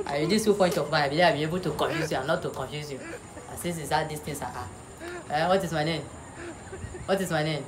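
A woman's voice: sits low, fast. A woman doing a comic teacher act, bossy in a mock way and teasing, repeating words with laughter. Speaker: comedian playing a teacher. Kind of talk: comic classroom sketch. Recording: noisy background.

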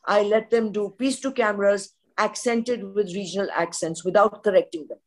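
An older woman with an Indian English accent talks in a forthright, opinionated way. She is a veteran journalist on a podcast panel, and her pitch sits in a middle range. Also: moderate pace.

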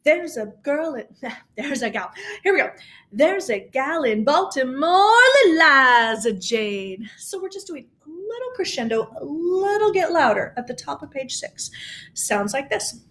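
Woman, choir teacher, high voice, cheerful and encouraging, clear coaching tone. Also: sing-song, unhurried, fairly bright tone. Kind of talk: recorded singing lesson.

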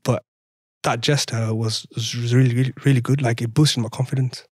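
In a casual storytelling interview, a young French podcast guest with a French accent laughs often and acts out conversations animatedly. His voice is medium pitch, husky and darkish, with fairly even intonation at a moderate pace, captured in a dry, studio-quality recording.

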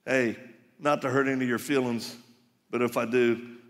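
A man's voice: mid-range voice, steady tone, normal speed. A middle-aged man giving a live sermon at a conference, telling personal stories in an emphatic, joking way. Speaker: conference speaker. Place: large conference hall. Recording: reverberant live hall.

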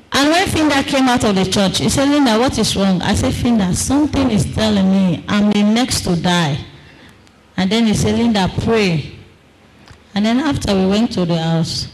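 A woman giving a personal testimony to a congregation in an earnest, storytelling way, acting out the quoted dialogue and slowing down for emphasis. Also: medium pitch, poor audio. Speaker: testifying church member.

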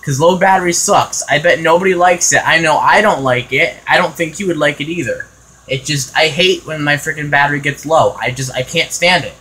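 A man rants on his vlog in an exasperated voice that keeps circling back with "you know." His tone is bright and forceful, sitting a bit high. A faint hiss from the phone mic stays under him. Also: brisk, rough recording. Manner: exasperated, repetitive, many "you know" fillers. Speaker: vlogger. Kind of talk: casual ranting vlog.

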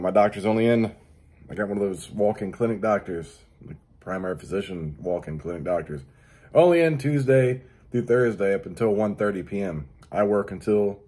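A middle-aged man with a low, husky voice rambles through a solo show. He jokes crudely and swears freely, in a loose, casual monologue. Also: darkish tone. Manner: crude, profane, joking. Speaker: podcast host.

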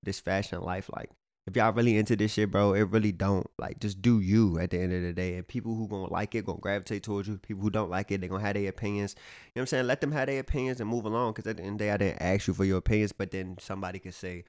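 A low-voiced man riffs casually to his camera, dropping slang and curse words in a loose, rambling flow. The sound is dry and close, with no room around his voice. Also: fairly even intonation, rapid-fire, a little mellow, no room sound. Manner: laid-back, profane slang-heavy street talk; filler-heavy, repeats "you know what I'm saying". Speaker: fashion vlogger.

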